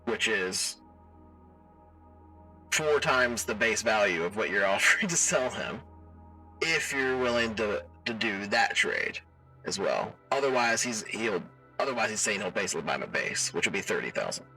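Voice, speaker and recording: A man voicing a polite, formal male alien trader through a robot voice changer, halting and hesitant. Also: lowish voice, lively intonation, bright, forceful tone, far from the mic, soft background music, poor audio. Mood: courteous.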